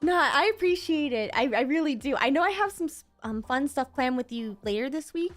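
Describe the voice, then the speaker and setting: A woman's voice: high-pitched, animated, fairly quick, fairly bright tone, soft background music. A woman hosting her birthday stream, chatting casually in an upbeat, talkative way with lots of fillers. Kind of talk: casual chat.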